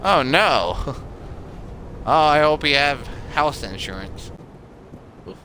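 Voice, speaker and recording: A man's voice: fairly high pitch, animated, slow, long pauses, bright, forceful tone, slight background noise. A man streaming a video game, muttering commentary to himself, with occasional swearing and sudden outbursts. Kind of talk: gameplay commentary.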